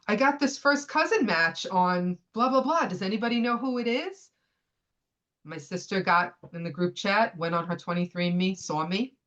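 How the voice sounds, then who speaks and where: A woman in her fifties tells a personal story on a podcast. Her voice sits low, and she acts out other people's lines as she goes. The audio is a bit dull and lo-fi. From United States. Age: 50s. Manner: animated retelling, acts out what others said. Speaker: podcast guest.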